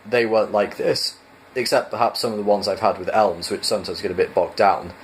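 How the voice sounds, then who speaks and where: A man's voice: on the low side, steady tone, brisk, slight background noise, natural voice, low-quality recording. A man voicing a lonely, bewildered castaway who talks hesitantly and rambles, as in a fan audiobook reading. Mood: musing. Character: bewildered lonely Englishman, long marooned.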